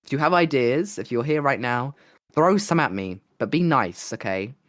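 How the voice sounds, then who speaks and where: A man co-hosting a podcast, hoarse and losing his voice, chatting casually and rambling with plenty of "like". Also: mid-range voice, animated, normal speed, fairly bright tone, no room sound, clean studio sound. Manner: rambling, lots of "like" and restarts. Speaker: podcast co-host and streamer. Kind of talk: casual chat.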